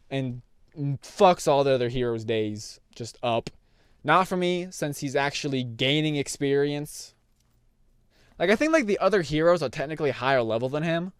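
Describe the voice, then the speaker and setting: A man's voice: mid-range voice, clear, resonant tone, no echo. A young man casually rambling through an anime review, full of fillers and restarts.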